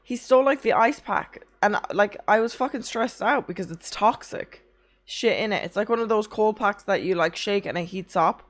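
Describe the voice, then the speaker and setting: A woman's voice: mid-range voice, normal speed. A young woman streaming, chatting casually with her chat, tired from little sleep, rambling through anecdotes and swearing often.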